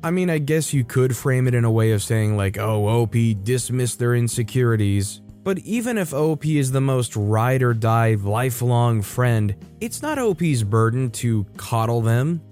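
Male host-narrator, mid-pitched and conversational, reads stories and adds wry asides over light background music. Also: lively intonation, normal speed, few pauses, darkish tone. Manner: conversational, wry commentary between readings. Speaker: host reading and reacting to online stories. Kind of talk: story reading with commentary.

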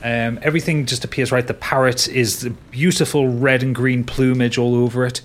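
A man's voice: mid-range voice, flat delivery, moderate pace. A man narrating a tabletop game as game master, describing scenes and laughing with his players.

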